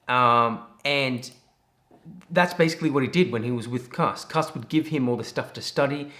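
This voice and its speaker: A man's voice: medium pitch, a bit bright. A man casually commenting on video clips, reflective and loosely worded. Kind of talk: casual analysis.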